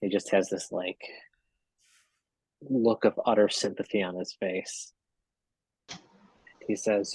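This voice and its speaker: A man running a tabletop game, narrating slowly with a husky, low voice. He pauses often and fills gaps with hesitant sounds, and he is heard up close in a dry room. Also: steady tone, a little mellow, no room sound, low-quality recording. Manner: slow, hesitant narration with fillers. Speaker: game master.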